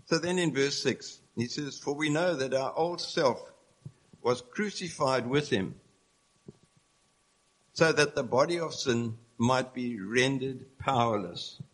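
A man delivering a sermon in an earnest, explanatory tone. His voice sits at an ordinary middle pitch, and he moves steadily from one point to the next, reading scripture aloud along the way. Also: slow pace, fairly bright tone, slightly rough, low-quality recording. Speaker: preacher.

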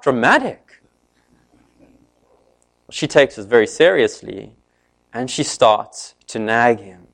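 A man preaching a sermon, retelling a story in an animated way and briefly voicing each character's lines. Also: mid-range voice, slow pace, gravelly, pauses often.

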